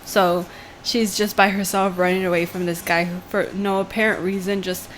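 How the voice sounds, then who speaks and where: A woman's voice: medium pitch, a little hiss or hum. Chatty woman podcast co-host. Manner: animated retelling, says "like" often, quick laughs. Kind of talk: casual chat.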